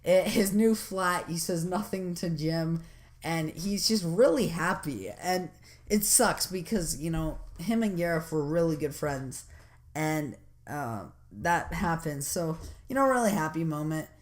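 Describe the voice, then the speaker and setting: A woman talks through a video game in a loose, rambling way, with lots of fillers and restarts. Her voice sits a little low for a woman. She gets excited about what happens on screen. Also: unhurried. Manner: excited and enthusiastic. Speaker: gameplay commentator. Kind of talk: casual video game commentary.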